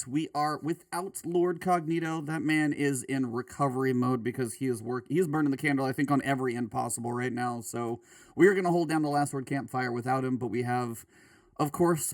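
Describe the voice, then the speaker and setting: A man's voice: medium pitch, no room sound, rough recording. A man hosting a live gaming podcast, chatting casually and joking with his co-host. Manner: upbeat, jokey banter.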